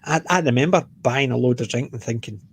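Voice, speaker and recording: A Scottish man hosting a stream, chatting casually about a book, self-mocking and quick to laugh. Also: mid-range voice, slightly rough, dry recording. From Scotland. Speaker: stream host.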